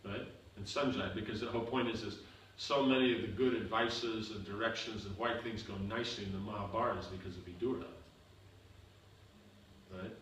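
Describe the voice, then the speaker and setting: A man's voice: on the low side, fairly even intonation, a little fast, a bit bright. Echoey, distant man teaching a seminar. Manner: explains with repeated examples and frequent "you know" and "you understand?". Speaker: spiritual teacher answering seminar questions. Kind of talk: seminar Q&A lecture. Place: seminar room. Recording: echoey room, far from the mic, faint noise.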